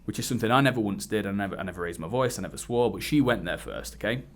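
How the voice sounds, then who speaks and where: A man's voice: on the low side, expressive, racing. A man telling a personal story straight to camera, candidly, with some swearing and acted-out quotes. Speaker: dating coach. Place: indoors, wearing a hood. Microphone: camera mic.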